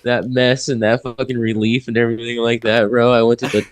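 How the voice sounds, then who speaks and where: A man's voice: medium pitch, level tone, fairly quick, dry recording. A young man co-hosting a podcast in crude, laid-back casual chat, laughing often. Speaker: podcast co-host.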